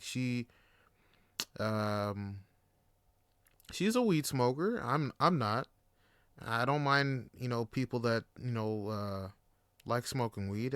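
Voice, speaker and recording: Young male podcaster, bright and smooth voice, rambling casual storytelling, very dry sound. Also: mid-range voice, dry recording. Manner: rambling, filler-heavy, animated. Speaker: podcast host.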